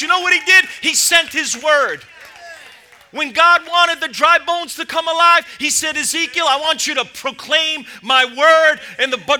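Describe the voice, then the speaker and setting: High, bright-voiced impassioned male pastor. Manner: impassioned, rising to shouts and dropping to low asides. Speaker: lead pastor. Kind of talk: sermon.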